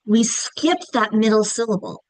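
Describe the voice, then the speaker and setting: A woman's voice: on the high side, moderate pace, dry recording, rough recording. A middle-aged woman with a Long Island accent, teaching a lesson on reading and often checking in with listeners. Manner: explanatory, frequent "right?" check-ins. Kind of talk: instructional presentation.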